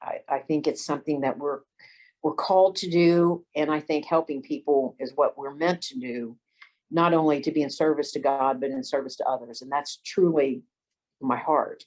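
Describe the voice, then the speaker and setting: Older woman, low voice, lawyer, folksy anecdotes, interview storytelling. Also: fairly even intonation, moderate pace, a little mellow, poor audio. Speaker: lawyer and former detective.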